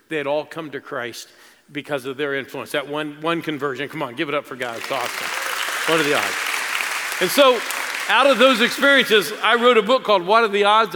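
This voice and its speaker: A man's voice: high voice, sharp tone, slight background noise. A middle-aged male pastor preaching a sermon, telling stories emotionally and building to exclamations. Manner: emotional, storytelling with rising exclamations. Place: large church auditorium. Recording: reverberant hall with crowd behind.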